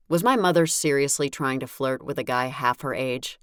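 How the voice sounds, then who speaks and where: Woman, audiobook narrator, wry exasperated first-person telling, very low voice, dry studio booth. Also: normal speed, few pauses, no echo.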